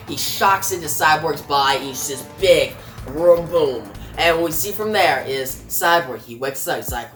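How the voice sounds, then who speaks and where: A woman recapping a comic's plot in a casual, plain retelling, pausing with fillers. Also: sits low, animated, a bit bright. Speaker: comic reviewer. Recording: roomy with faint music.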